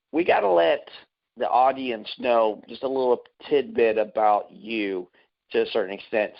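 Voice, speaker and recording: A man's voice: on the low side, gravelly, highs cut off. A man as a talk radio guest, eager and promotional, often repeating himself.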